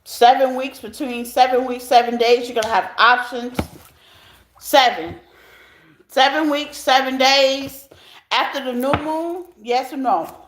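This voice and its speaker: A woman with a high voice reads tarot live, chatting directly to her viewers. She speaks in a relaxed, talkative way. The sound bounces around an echoey room. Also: measured pace, background noise. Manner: chatty, talks straight to viewers as y'all. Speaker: tarot reader.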